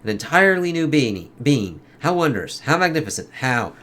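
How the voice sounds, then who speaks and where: A man's voice: mid-range voice, big pitch swings, normal speed, a bit bright, pitched above the performer's own voice. A man voicing a grandiose, mocking male villain from a comic, read with lofty theatrical phrasing.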